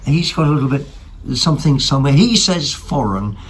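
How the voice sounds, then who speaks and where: Rambling, excitable man chatting. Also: medium pitch, a little fast, slight background noise. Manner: rambling and excitable, many ums and self-corrections. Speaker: vlog host. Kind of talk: casual chat showing second-hand finds.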